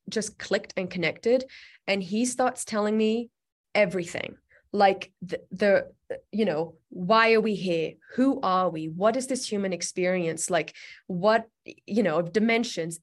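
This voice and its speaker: Earnest chatty woman telling a story. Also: mid-range voice. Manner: earnest, chatty, many "like" and "you know" fillers. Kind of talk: personal storytelling in conversation.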